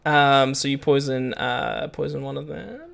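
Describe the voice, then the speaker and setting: A man narrating a tabletop game as game master, his voice gravelly with a rough edge. He talks haltingly, stopping and restarting with plenty of fillers. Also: mid-range voice, steady tone, a bit bright.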